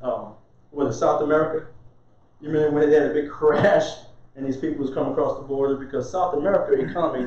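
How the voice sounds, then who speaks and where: A man's voice: on the high side, a little mellow. A male minister giving an informal, conversational sermon. He laughs often and asks questions, then answers them himself. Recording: very echoey, dull muffled sound.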